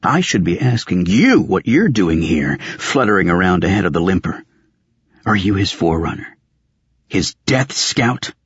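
A man's voice: low voice, very animated, measured pace, slightly rough, dry recording, dull audio, full character voice. A man reading an audiobook, voicing an imperious old male wizard who scolds in indignant, haughty tirades.

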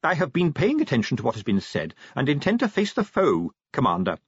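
A man's voice: medium pitch, huge pitch swings, fairly quick, slightly rough, no echo, dull audio, voice pushed up. A man doing a prim little clerk, earnest. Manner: prim, formal and stiff. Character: small prim male clerk, timid but stubborn.

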